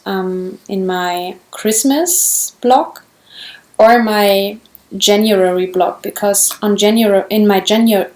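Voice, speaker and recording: Slow-talking German woman showing off yarn. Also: medium pitch, darkish tone. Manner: chatty, restarts often, gushing over yarn. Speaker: knitting vlogger. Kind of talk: casual show-and-tell.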